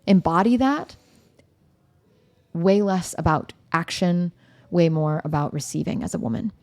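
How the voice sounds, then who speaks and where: A woman's voice: fairly low pitch, expressive, a little slow, darkish tone, dry recording. A woman hosting a podcast interview, speaking in an affirming, confident, coaching way.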